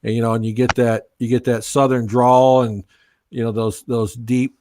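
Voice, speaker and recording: A man's voice: medium pitch, little pitch movement, normal speed, a little mellow, slight background noise. A man, a guest on a casual live stream, patiently explaining tech and spelling out names. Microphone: gaming laptop mic with headphones.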